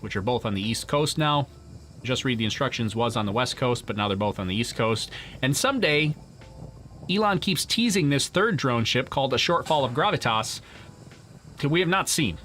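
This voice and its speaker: A man with a medium-pitched, fairly bright voice hosts a live launch stream, casually reading chat and answering viewers' questions. He rambles, often restarts sentences, and laughs a lot, with a slight hiss or hum in the audio.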